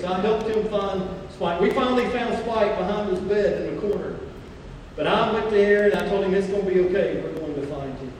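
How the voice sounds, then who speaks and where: A male pastor preaching a sermon, slowing down to stress key phrases and mixing scripture with stories about his own family. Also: sits high, darkish tone, slight background noise. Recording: echoey hall, mic far off.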